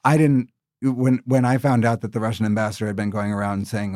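An American man in his thirties, a former ambassador running for office, answering interview questions in a measured, thoughtful way with frequent restarts. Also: on the low side, little pitch movement, a little mellow, no room sound, clean studio sound. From United States. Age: 30s. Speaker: political candidate, former ambassador.

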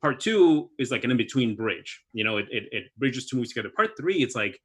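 A young man talking through movies in a relaxed podcast chat. His voice is husky and bright with an edge, and he gets animated and laughs easily. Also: mid-range voice, quick pace. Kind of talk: casual movie discussion.

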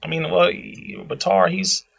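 A young man talking in a casual podcast chat, preachy and animated, tagging lines with "bro" and leaping into high exclamations. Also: slow pace, vocal fry, breathy edge. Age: young adult. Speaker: guest speaker.

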